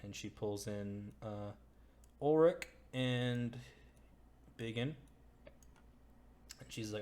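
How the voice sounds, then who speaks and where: A man's voice: on the low side, drawn-out words, pauses often, a little mellow. A man narrating as game master in an easygoing, chatty way. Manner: easygoing, chatty, lots of fillers.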